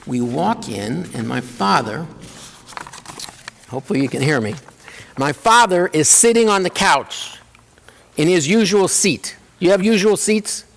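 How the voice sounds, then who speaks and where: A man with a fairly high, lively voice tells funny stories from his own life as a keynote speaker. He swings his pitch widely and slips into voices for his family members. His voice rings with the long reverb of a large hall. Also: measured pace, gravelly, pauses often. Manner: animated, acts out family members in quoted voices. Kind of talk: humorous personal storytelling.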